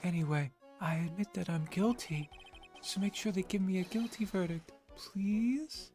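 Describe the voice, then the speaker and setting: A man's voice: moderate pace, faint music behind. A shrieking, panicky young guy. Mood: pleading. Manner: shrill, pleading, shouted. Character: panicky young man shrieking his own guilt.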